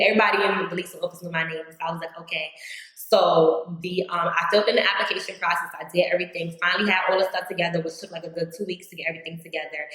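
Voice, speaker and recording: A woman's voice: fairly low pitch, a bit bright. A young woman from New York vlogging a casual life update, chatty, saying "like" constantly and acting out her own past words. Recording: very echoey room.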